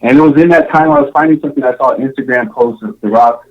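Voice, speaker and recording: A man's voice: mid-range voice, fast, muffled recording. Man from Samoa telling his story. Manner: rambling, many fillers and restarts, frequent laughs. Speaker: podcast guest, show contestant. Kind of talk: casual storytelling interview.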